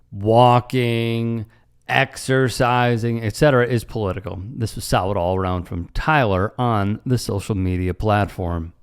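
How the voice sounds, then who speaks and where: A man's voice: medium pitch, clean tone. A man hosting online news commentary, emphatic and sarcastic, with an indignant edge. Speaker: commentary host.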